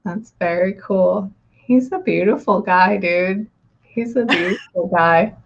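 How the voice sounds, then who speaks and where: A woman's voice: medium pitch, slow, vocal fry, dull audio. A woman psychic medium in a casual reading session, relaying messages and often saying "okay" and "hang on".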